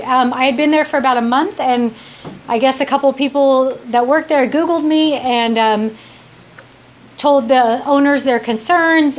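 A woman's voice: a little high, slight background noise. A woman giving a heartfelt personal testimony to a live audience, rambling with many restarts. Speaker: speaker sharing her recovery story.

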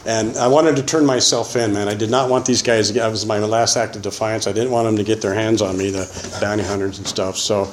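A man's voice: fairly low pitch, steady tone, fairly quick, few pauses, reverberant, slight background noise, poor audio. Rambling man telling his recovery story. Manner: rambling, full of "man" and "you know". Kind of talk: personal testimony.

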